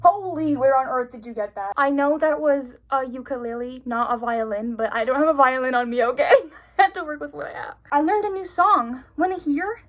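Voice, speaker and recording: A woman's voice: high voice, a little fast, a bit bright. A young woman reading her old childhood stories aloud and breaking off for sarcastic, giggly, incredulous asides. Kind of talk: reading aloud with running commentary.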